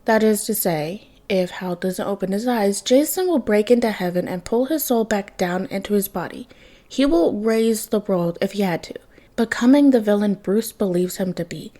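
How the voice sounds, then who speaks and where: Sex: woman. Role: podfic reader. Style: fan fiction read aloud. Tone: mellow, mid pitch. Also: animated, moderate pace.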